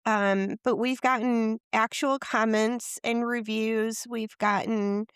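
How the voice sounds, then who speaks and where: Woman, slow talker, smooth voice, dry close mic, relaxed podcast co-host. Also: fairly high pitch, no echo. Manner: slow, relaxed, hesitant with fillers. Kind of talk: casual chat.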